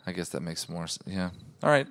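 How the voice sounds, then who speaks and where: A man's voice: low-pitched, lively intonation, fairly quick, a bit bright. A young man co-hosting a comedy podcast, rambling through a meandering story in casual chat. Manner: rambling, meandering, self-interrupting. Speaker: podcast co-host.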